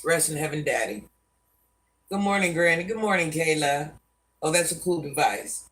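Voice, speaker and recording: A woman around sixty with a deep voice, a live-stream host giving life advice to viewers in a folksy way, calling them baby and hun and calling herself Granny. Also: normal speed, fairly bright tone, far from the mic.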